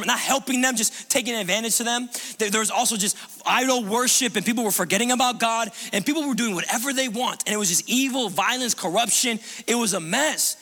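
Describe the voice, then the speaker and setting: A male pastor delivers a sermon in a notably high, bright voice. He talks conversationally and animatedly, restarting phrases as he goes. The church hall gives every sentence a long, ringing reverb. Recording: long reverb of a large room.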